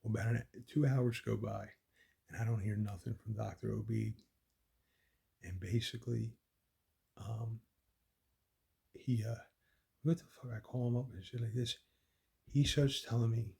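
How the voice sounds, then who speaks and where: A man's voice: mid-range voice, creaky, mellow, breathy edge. A man telling a rambling personal story, profane and repetitive, with many restarts. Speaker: son recounting his mother's death.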